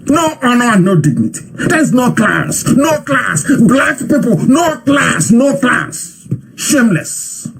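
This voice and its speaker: A man's voice: very high-pitched, husky. A man giving impassioned live commentary, scolding his listeners with fiery rhetorical questions.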